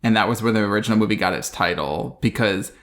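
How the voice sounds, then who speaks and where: A man's voice: on the low side, fast talker, a bit bright. A man co-hosting a podcast, recapping a bad movie in a casual, dry, sarcastic way. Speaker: podcast co-host.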